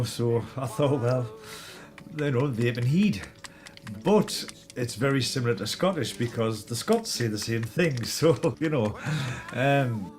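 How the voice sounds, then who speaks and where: A man from northeast England with a Geordie accent, chatting casually and joking on his live vape stream, laughing often. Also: mid-range voice. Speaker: vape channel host. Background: background music.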